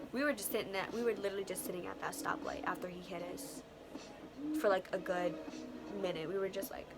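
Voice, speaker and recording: A young woman vlogger with a mid-range voice tells a story casually. She's animated and profane, stuffing it with slang and acted-out quotes.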